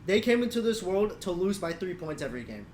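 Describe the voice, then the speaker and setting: An easygoing young man chatting about football on a casual podcast. His voice sits a bit high, and his talk stays relaxed and playful. A faint hiss runs underneath. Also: a little fast, roomy sound. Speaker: podcast co-host. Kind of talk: casual sports chat.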